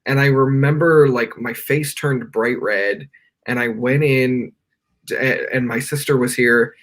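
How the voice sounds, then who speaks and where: A man's voice: mid-range voice, steady tone, a little slow, a bit bright. A young man, a podcast guest, telling a personal story with earnest, rambling talk full of "like" fillers, speaking from his bedroom on a remote call. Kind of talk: candid personal storytelling in a live interview.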